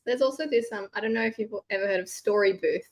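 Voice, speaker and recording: A woman's voice: medium pitch, quick pace. A woman co-hosting a casual podcast, chatty and full of "like", her voice a little sick. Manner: chatty, lots of "like". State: slightly sick voice. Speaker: podcast co-host. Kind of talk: casual chat.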